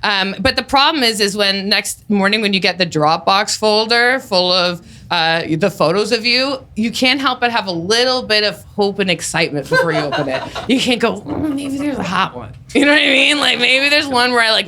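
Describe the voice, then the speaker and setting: A woman comedian performing a stand-up set, telling offbeat stories deadpan and breaking into sudden shouted bits. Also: medium pitch, normal speed, hardly any pauses. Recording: live comedy set, loud audience laughter.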